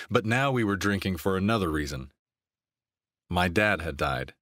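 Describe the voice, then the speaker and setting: Deep-voiced male audiobook narrator. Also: fairly bright tone, dry recording, studio quality. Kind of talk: scripted romance narration.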